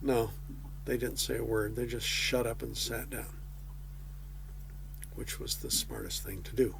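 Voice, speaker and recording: A man's voice: medium pitch, measured pace, gravelly, noisy background. A man preaching a conversational sermon, folksy with casual asides.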